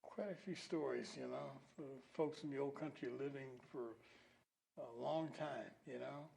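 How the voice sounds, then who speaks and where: A man's voice: mid-range voice, normal speed, creaky, darkish tone, low-quality recording. A man hosting a local-history talk show, rambling a little with fillers and restarts. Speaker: host. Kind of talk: casual local-history chat.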